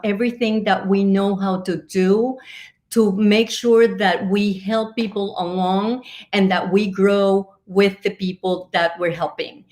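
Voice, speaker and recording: A woman business coach speaks as a guest in an interview, earnest and encouraging. She pauses and restarts often, filling gaps with ums. Her voice sits at a middle pitch. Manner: warm, earnest, hesitant with fillers, laughs often.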